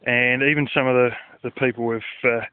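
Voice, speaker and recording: A man's voice: mid-range voice, level tone, a little fast, clear, resonant tone, no echo. A man, talking casually in a rambling vlog, swearing and using lots of fillers, recorded outdoors at night. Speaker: vlogger. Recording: dry, phone-like lo-fi sound.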